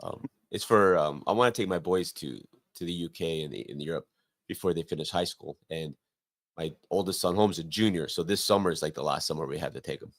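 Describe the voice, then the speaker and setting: A man's voice: low voice, brisk, dry recording, studio quality. A man in his forties in casual, joking conversation as a guest on a live stream. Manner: joking, teasing. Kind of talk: casual chat.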